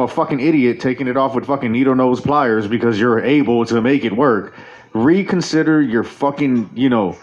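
A man hosting a show in a casual, rambling monologue, swearing constantly and restarting his sentences. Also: medium pitch. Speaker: radio show host. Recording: dull lo-fi recording.

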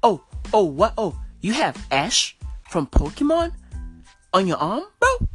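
A woman hosts a comedy podcast with a husky, breathy voice. Her pitch leaps around wildly while her delivery stays slow and drawn out. She rants in disbelief, swearing freely and tacking "bro" onto nearly every line. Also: sing-song, soft background music. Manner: incredulous, profane, repeats "bro" constantly. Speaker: podcast host. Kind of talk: comic monologue rant.

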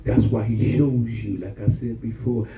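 A man's voice: fairly low pitch, steady tone, measured pace, a crowd in the background. A man preaching a sermon as pastor, impassioned, calling for responses from the congregation. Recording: roomy church sound from far off.

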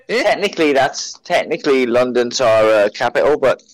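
A man's voice: mid-range voice, expressive, normal speed, dry recording. Blunt teasing man. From England, Birmingham. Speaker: podcast co-host. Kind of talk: casual chat.

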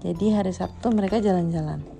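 A woman's voice: fairly low pitch, rapid-fire, gravelly, warm tone, faint music behind. A mother at home reading a picture book aloud to her young child, stopping to chat and explain the story as she goes. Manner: switches between reading and chatting to the child.

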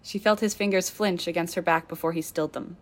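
A woman reading a novel aloud in steady storytelling narration. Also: on the low side, quick pace. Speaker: audiobook reader. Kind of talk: scripted narration of a fan novel.

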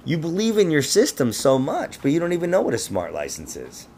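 A man's voice: on the high side, wildly swooping pitch, brisk, crowd noise. A man hosting a casual conspiracy podcast, rambling and laughing, with frequent swearing. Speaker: podcast host.

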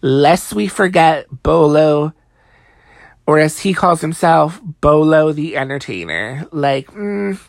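A young woman with a gravelly, fry-heavy voice chats through a reality TV recap late at night, tired but sassy. She swears freely and fills every pause with "like". The sound is close and dry. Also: sits low, animated, no room sound. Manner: chatty, profane, heavy use of "like", sassy asides. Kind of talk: casual gossipy recap.

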